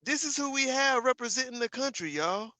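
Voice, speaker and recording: A man's voice: very high-pitched, expressive, brisk, bright, forceful tone, dry recording. A man giving casual livestream commentary, ranting emphatically and profanely with repeated asides to his viewers.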